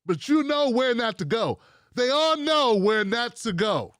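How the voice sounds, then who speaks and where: A man's voice: very high-pitched, very animated, a little slow, a bit bright, no room sound, clean studio sound. A man hosting a commentary show, talking casually and mockingly and repeating himself for effect.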